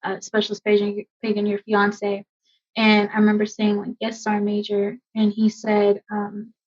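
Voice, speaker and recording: A woman army veteran in her thirties, telling a personal story in a podcast interview, emotional and halting with many fillers. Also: mid-range voice, monotone, slightly rough. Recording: dull lo-fi sound.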